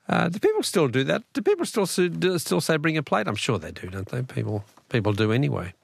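A man hosting a talkback radio quiz, chatty and quick to laugh as he reads out messages. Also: a little high, very animated, gravelly, husky, dry recording, clean studio sound.

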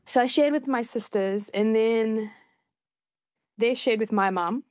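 A woman guest in an interview, telling her own story in a casual, animated way and jumping up in pitch when she quotes people. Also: unhurried, no room sound. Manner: animated, acts out quoted voices with high pitch jumps.

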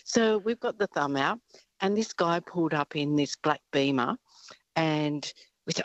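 A middle-aged Australian woman calling in to a radio show, telling a travel story in a lively, chatty way with frequent laughs. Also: low-pitched, normal speed, no room sound. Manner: lively anecdotal, laughs often. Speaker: caller. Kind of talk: casual storytelling on the phone. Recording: muffled phone line.

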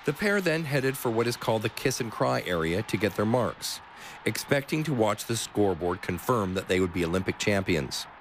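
A man hosting a radio sports documentary, narrating the story in a measured way and asking interview questions. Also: lowish voice, expressive, slight background noise.

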